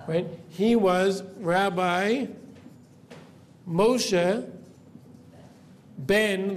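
A man, a rabbi, teaching a classroom of students, explaining step by step, quizzing the class and checking in with "right?" after nearly every point. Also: high-pitched. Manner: asks the class questions. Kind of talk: classroom lecture.

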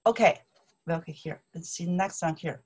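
A woman's voice: fairly low pitch, normal speed, darkish tone, slightly rough, poor audio. A woman with a Chinese accent teaching an online language lesson, repeating words and checking in with "okay?" and "right?". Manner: repetitive, drilling pronunciation and checking with "okay? right?".

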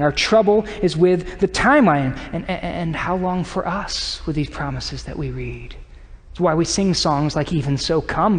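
Earnest male preacher in a reverberant hall. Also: a little high. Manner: earnest, swings between urgent fast bursts and hushed slow lines. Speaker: pastor. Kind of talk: sermon. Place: church sanctuary. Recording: long reverb of a church hall.

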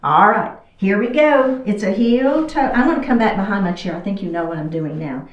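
A woman's voice: mid-range voice, a little fast, dull audio. A woman teaching a chair yoga class, chatty and encouraging, a little out of breath as she moves through the poses. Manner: encouraging, chatty, talks while moving. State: slightly out of breath. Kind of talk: guided exercise class instruction. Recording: echoey room, far from the mic.

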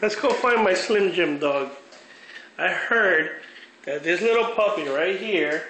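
A man films his dog at home, teasing and narrating in a playful, excitable way. His voice is unusually high, and he draws out his words slowly. The handheld recording sounds roomy, with clear noise behind him. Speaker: dog owner filming his pet. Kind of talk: casual home video narration.

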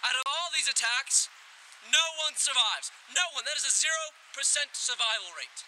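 A man's voice: extremely high pitch, expressive, normal speed, pushed and bright, a little hiss or hum, exaggerated voice, poor audio. A man playing a pompous 1950s educational film professor, lecturing with dramatic outbursts. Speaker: host of a mock instructional film.

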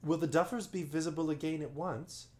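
A man's voice: a little high, steady tone, brisk, darkish tone, pitched above the performer's own voice, natural voice. Here is a curious, polite young girl in a bedtime storybook, asking earnest questions in a lifted voice, as a man reading aloud puts her on. She sits a few steps above the reader's own tone. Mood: questioning.

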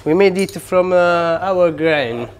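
An Italian pizza chef, a man speaking English with a strong Italian accent in short, friendly phrases. His voice sits a little higher than most men's. His broken English comes out warmly hospitable. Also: slow pace, slight background noise. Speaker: pizza chef and restaurant owner.

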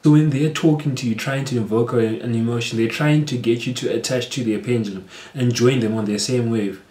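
A man talks viewers through his advice in an earnest, steady, explanatory way. His voice sits at an ordinary mid pitch. The recording picks up a noticeable room echo. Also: brisk. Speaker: vlogger giving advice. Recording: roomy echo.

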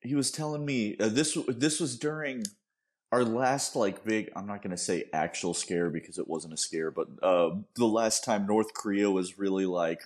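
A man's voice: lowish voice, normal speed. A man co-hosting a podcast, telling stories and making dry jokes in casual chat. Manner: animated storyteller, dry jokes. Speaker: podcast co-host.

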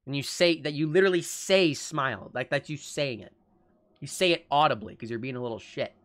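A young man streaming a game live, reacting excitably with jokes and frequent swearing. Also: medium pitch, brisk. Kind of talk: live gameplay commentary.

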